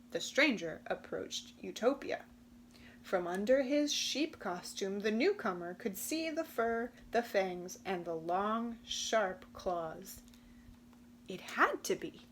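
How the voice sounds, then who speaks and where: A woman reading a children's picture book aloud with expressive, animated storytelling. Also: medium pitch, slow pace, a little hiss or hum. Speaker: storybook reader.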